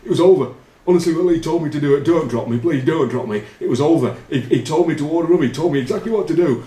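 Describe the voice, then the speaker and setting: A man's voice: a little high, quick pace, warm tone, voice pushed up, natural voice. A man doing a frantic, pleading rugby prop. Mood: panicked pleading. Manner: frantic, begging, stammering. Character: panicked, pleading young male rugby prop. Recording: roomy, distant mic, faint ambience.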